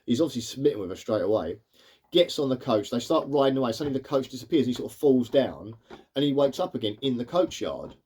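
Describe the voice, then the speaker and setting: A man talks quickly through his review of an old cartoon, with a middle-of-the-road pitch. He rambles loosely and fills his sentences with "sort of" and "like" as he recaps the story. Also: expressive, a little mellow, breathy edge. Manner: rambling, leans on fillers like "sort of" and "like". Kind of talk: casual spoken review.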